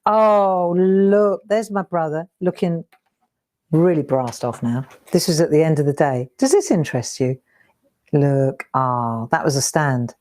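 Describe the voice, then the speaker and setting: On her craft live stream, a middle-aged woman speaks in a low, animated, a little slow, slightly mellow voice. She goes through old keepsakes, chatting casually and exclaiming as she does.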